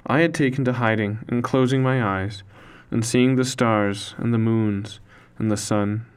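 Solemn low-voiced male storyteller. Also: measured pace, smooth. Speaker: narrator. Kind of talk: scripted first-person storytelling. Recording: faint music underneath.

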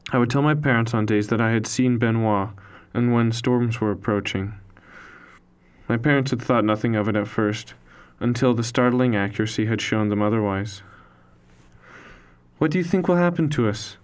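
A man narrating a story in the first person, in a slow, solemn, hushed way. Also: fairly low pitch, fairly even intonation, clear, resonant tone. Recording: faint music underneath.

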